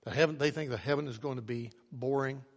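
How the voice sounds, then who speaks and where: A man preaching a sermon, with emphatic delivery that climbs to loud, urgent questions. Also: mid-range voice, fast talker. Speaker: pastor. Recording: long hall reverb.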